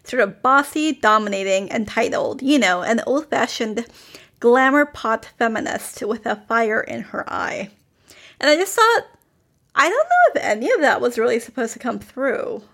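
A woman talks in a relaxed, chatty way, dropping "like" between her thoughts. Her voice sits a little high and carries a lot of vocal fry. It sounds like an easygoing podcast conversation. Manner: chatty, many "like" fillers, quick laughs. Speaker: podcast co-host. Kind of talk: casual critical chat.

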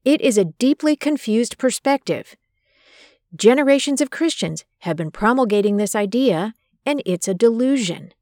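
A woman hosting a podcast, reading a scripted narration and commentary in a measured, emphatic way. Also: fairly high pitch, expressive, a little mellow, dry recording, clean studio sound. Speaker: podcast host. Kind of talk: scripted narration of a personal story and biblical commentary.

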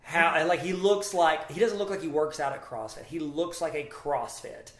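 A fairly high-voiced man co-hosting a sports podcast in a loose, joking way. He rambles and riffs, and the room around him has a noticeable echo. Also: normal speed, fairly bright tone. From New Jersey. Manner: joking, rambling, bursts of silly put-on voices. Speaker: podcast co-host. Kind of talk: casual sports podcast chat.

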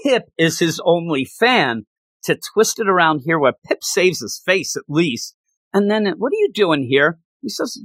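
A man excitedly recapping a comic book issue in casual chat, laughing and acting out lines as he goes. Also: sits high, measured pace, dry recording. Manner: animated, laughs while retelling, acts out quotes. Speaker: comic book podcast co-host.

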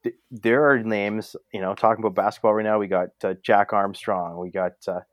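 This is a man, talking in a loose, rambling way full of "uh"s and restarts. His voice sits fairly low. The sound is dry and close, with no room around it. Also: fairly even intonation, fairly quick, no room sound. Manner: rambling with many fillers and restarts. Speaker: podcast co-host. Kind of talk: casual sports chat.

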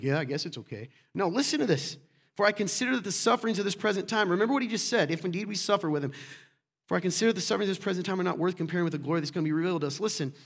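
A male pastor preaching a sermon to a congregation in a conversational way, firing off rhetorical questions and joking asides. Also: on the high side. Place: church room with congregation.

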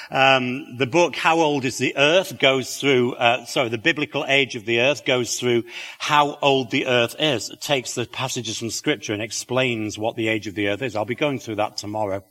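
A man's voice: medium pitch, steady tone, normal speed, fairly bright tone, in a large hall. A middle-aged man with a British accent and a slight lisp, giving a chatty talk to an audience with wry asides and many fillers. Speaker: creationist speaker.

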